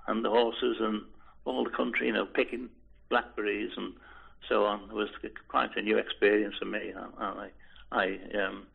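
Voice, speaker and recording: Gravelly, husky older man reminiscing. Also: on the low side, flat delivery, normal speed. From Liverpool, England. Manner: hesitant, restarts and repeats words, chuckles softly. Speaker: interviewee. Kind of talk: oral history reminiscence. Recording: tinny phone-like recording.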